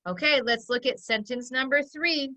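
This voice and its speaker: A woman phonics teacher giving an online lesson, dictating sentences slowly and clearly for young children. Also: high voice, bright, forceful tone, low-quality recording. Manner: slow, clear dictation, stretching words out for children.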